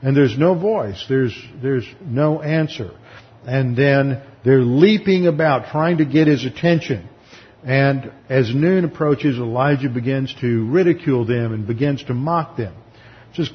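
Husky-voiced man teaching a sermon. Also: medium pitch, unhurried. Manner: explanatory, emphatic, acts out voices when quoting. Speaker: pastor. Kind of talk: expository Bible teaching sermon. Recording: lo-fi recording in a reverberant hall.

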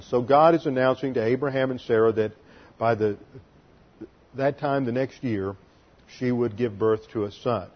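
A man's voice: mid-range voice, normal speed, muffled recording. A man teaching a sermon as pastor, explaining Hebrew grammar step by step and spelling out letters.

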